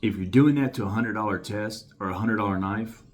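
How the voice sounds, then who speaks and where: A man's voice: on the low side, brisk. A man giving a casual knife review to camera, talking emphatically and enthusiastically and repeating his points.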